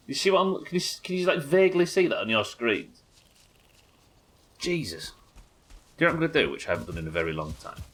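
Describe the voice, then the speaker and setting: Lively British man streaming a game. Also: medium pitch, quick pace, long pauses. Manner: chatty, sweary, talks to himself while building. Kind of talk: casual let's-play commentary.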